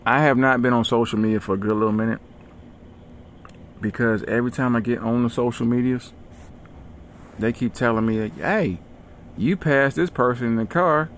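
A man hosting a comedy podcast, telling stories in an animated, slangy, mock-aggressive rant. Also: mid-range voice, slight background noise. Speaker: podcast host.

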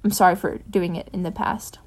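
A woman's voice: lowish voice, steady tone, a little mellow. A woman reading a story aloud, voicing a hesitant young man who halts and stammers. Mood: contrite. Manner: halting, stammering.

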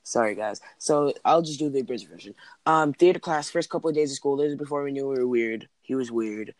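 A man's voice: medium pitch, a little fast, dry recording. A man in casual chat, rambling through school stories with lots of "like" and "um". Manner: rambling, heavy use of "like" and "um".

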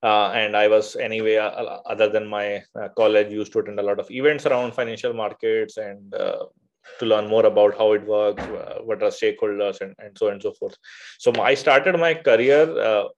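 Podcast guest from India, male: low-pitched, halting delivery full of uhs and restarts, on a dull lo-fi recording. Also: fairly even intonation. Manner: hesitant, many filler uhs and restarts. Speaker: podcast guest, venture fund founder. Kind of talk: conversational interview.

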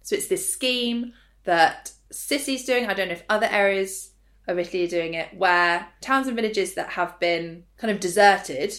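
A woman's voice: medium pitch, moderate pace, fairly bright tone. A woman in her thirties, co-hosting a casual podcast chat in a frank, opinionated way with dry humor. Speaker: podcast co-host.

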